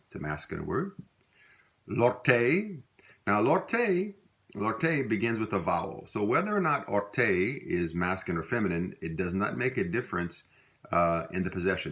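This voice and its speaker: A middle-aged man with a Louisiana accent gives a casual spoken language lesson. His voice sits very low. He rambles easily, using fillers and correcting himself mid-sentence. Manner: relaxed, rambling, with many fillers and self-corrections. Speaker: language teacher.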